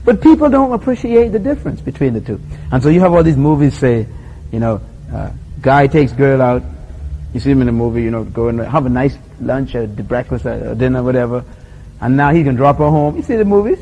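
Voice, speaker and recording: A man's voice: mid-range voice, animated, fairly quick, dark tone, highs cut off, slight background noise. A middle-aged man with a Bahamian accent preaching a sermon, acting out little scenes with voices and laughter.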